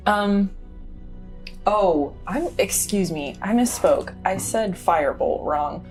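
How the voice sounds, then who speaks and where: A woman's voice: medium pitch, animated, slow, music in the background. A woman playing a tabletop game, speaking hesitantly with many fillers. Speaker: player. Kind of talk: casual tabletop play.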